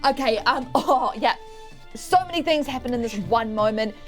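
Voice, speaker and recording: A woman's voice: on the high side, normal speed, faint music behind. Eager woman playing a game. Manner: eager, laughing. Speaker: player. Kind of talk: describing her character's actions in a tabletop game. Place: studio.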